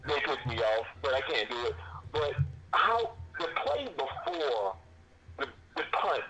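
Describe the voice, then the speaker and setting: A man's voice: medium pitch, very animated, unhurried, poor audio. A man calling in to a sports stream, ranting emphatically and in exasperation and repeating himself. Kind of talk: passionate fan rant.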